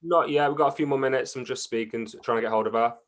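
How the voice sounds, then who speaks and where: A man's voice: mid-range voice, fast. A man on an event crew answering briefly and matter-of-factly. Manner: brief, matter-of-fact replies.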